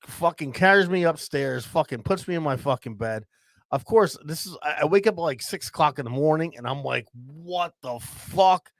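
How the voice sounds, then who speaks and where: Man, mid-range gravelly voice, loose profane storyteller, dry close mic. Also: a little high, animated, a little fast, dry recording. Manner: profane, says "bro" constantly. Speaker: podcast co-host. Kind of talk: casual storytelling.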